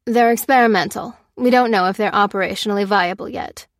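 A woman's voice: medium pitch, no room sound, lightly acted. Narrator as a wary, careful woman officer, audiobook read, dry. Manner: careful, measured. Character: cautious woman field officer.

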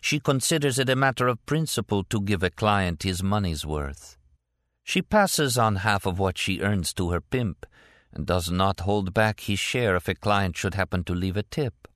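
A man voicing a strange young Italian woman with an Italian accent, speaking slowly and dreamily. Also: lowish voice, animated, fairly bright tone, no echo, studio quality. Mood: dreamy. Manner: slow, dreamy, deliberate.

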